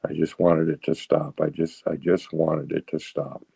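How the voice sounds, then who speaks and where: A man in his sixties with a very low, gravelly voice tells his recovery story, halting and restarting, with a wry, self-mocking humor. His tone is dark and husky, recorded close and dry. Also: flat delivery, no echo, poor audio. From New England. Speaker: recovery speaker.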